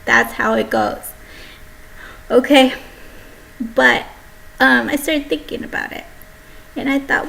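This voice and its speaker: A young woman delivering a rambling, brash comedy monologue, swinging between loud outbursts and hushed asides. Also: high-pitched, fairly even intonation, takes it slowly, vocal fry, long pauses, poor audio. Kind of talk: stand-up monologue.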